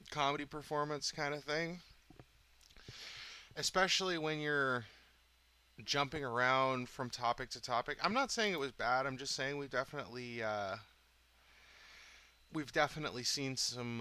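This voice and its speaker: A man with a bright, forward voice casually reviews a comedy special for his channel. He hedges often and fills pauses with ums and uhs. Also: mid-range voice, clean tone. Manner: hesitant, hedging, with many fillers. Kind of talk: casual commentary.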